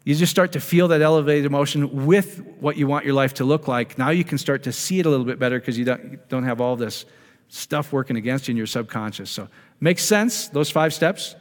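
Male ministry speaker, mid-pitched voice, relaxed coaching delivery to a gathered group, lingering hall reverb on the mic. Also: a little fast. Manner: conversational, coaching, asks the audience questions. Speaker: ministry speaker leading prayer. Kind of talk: informal teaching to a live group.

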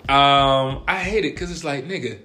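A man co-hosting a podcast in casual chat, animated and profane, sometimes reading examples aloud. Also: medium pitch, moderate pace, soft background music. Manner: reads examples aloud from a text. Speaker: podcast co-host.

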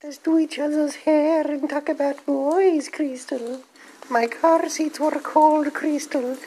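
A man speaking in a put-on high, creepy sing-song voice, teasing and slow in morning voice messages. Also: steady tone, dark tone, slight background noise, heavily acted, rough recording.

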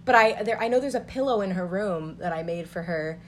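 A woman's voice: on the low side, lively intonation, fairly quick, a little hiss or hum. A young woman telling family stories in casual chat, rambling with many filler words.

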